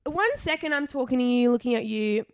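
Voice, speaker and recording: A woman's voice: fairly high pitch, brisk, clear, resonant tone, dry recording, clean studio sound. A young Australian woman co-hosting a podcast, chatting playfully and filling her talk with "like". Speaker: podcast co-host. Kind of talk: casual chat.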